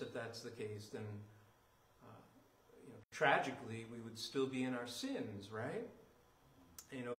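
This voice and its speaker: A man's voice: medium pitch, reverberant, rough recording. A man preaching a sermon as pastor, talking through scripture in a loose, conversational way full of "you know" and "uh", then swelling into emphatic declarations. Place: church sanctuary.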